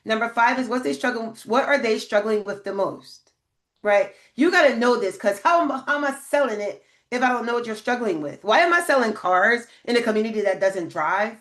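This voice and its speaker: A woman's voice: a little high, lively intonation, a little fast, a bit bright, echoey room. A woman hosting a live grant training, chatting emphatically, asking her viewers questions and reading their comments. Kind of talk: livestream business coaching.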